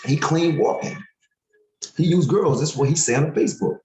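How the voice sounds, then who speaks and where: A man's voice: a little high, expressive, normal speed, a little mellow, a little hiss or hum. A man from Syracuse, hosting a podcast in a blunt, profane, rambling street-talk manner. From Syracuse, New York. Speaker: podcast host. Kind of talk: casual podcast rant. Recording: echoey room.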